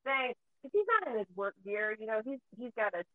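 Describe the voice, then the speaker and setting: A woman's voice: on the high side, sing-song, quick pace, no room sound. Chatty woman on a tinny line. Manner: chatty storyteller, swears freely. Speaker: podcast host and mother. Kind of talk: casual chat. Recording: tinny phone-like dry sound.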